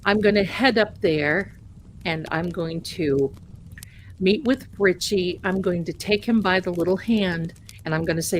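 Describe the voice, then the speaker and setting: A woman's voice: lowish voice, measured pace, a little hiss or hum. A woman hosting a tarot live stream in casual chat, rambling and greeting viewers as "my darling.".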